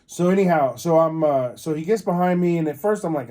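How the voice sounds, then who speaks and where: A man's voice: a little high, a little fast, hardly any pauses, dark tone. A man hosting a podcast, telling a rambling story with many fillers and restarts. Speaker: podcast host. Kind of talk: casual storytelling.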